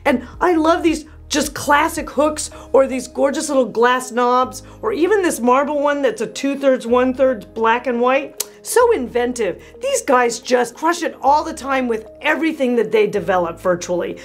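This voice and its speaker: A woman interior designer hosting a review vlog, gushing and animated, with lots of excited exclamations. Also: high-pitched, moderate pace, hardly any pauses, soft background music. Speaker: interior designer and channel host. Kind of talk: enthusiastic product review vlog.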